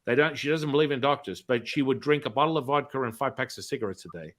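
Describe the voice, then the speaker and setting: A middle-aged man, hosting a talk show and telling a story in a lively, casual way, acting out the dialogue and swearing now and then. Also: medium pitch, fast talker. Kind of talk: animated anecdotal storytelling.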